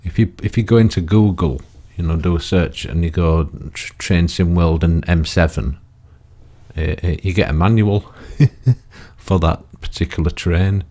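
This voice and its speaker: A man's voice: deep voice, a little slow, mellow. An older man giving rambling, chatty commentary on his own gameplay, full of tag questions and self-mocking asides. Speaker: gaming YouTuber.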